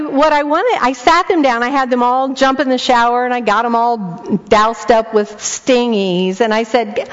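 An older woman tells a family story from the pulpit, acting out each voice with lively energy. Her voice sits a little high. The recording is somewhat dull, with a long echo from a large hall. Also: normal speed, few pauses. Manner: animated, acts out the dialogue. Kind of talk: storytelling sermon.

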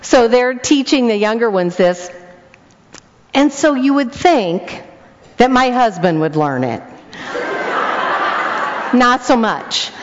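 A woman's voice: a little high, slow, long pauses, noisy background. An older woman, a grandmother, preaching a storytelling sermon and acting out each voice in it. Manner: animated, acts out the dialogue. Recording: long hall echo, dull lo-fi sound.

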